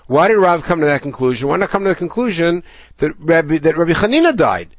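A man's voice: a little high, sing-song, fast talker, dry recording. A man teaching a Talmud class, reading Aramaic passages aloud and then explaining them in English with frequent restarts.

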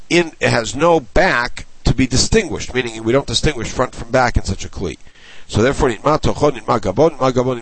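A man's voice: mid-range voice, gravelly, breathy edge, dry recording, rough recording. A man giving a Talmud lesson, reading short Aramaic phrases and explaining each one in English, often in a stop-start way. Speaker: Talmud teacher.

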